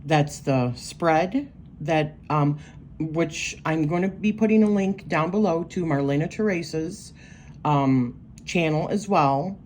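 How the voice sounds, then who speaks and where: A woman's voice: low voice, slow pace, darkish tone, a little hiss or hum. A woman giving a casual, rambling walkthrough of her astrology journal pages, thinking aloud with lots of fillers. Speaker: tarot and astrology creator.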